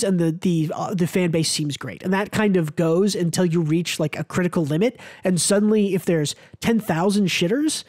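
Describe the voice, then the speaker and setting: High-voiced American man, dry close mic. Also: no room sound. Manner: animated, swears casually, fast asides. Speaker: podcast co-host. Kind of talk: casual chat.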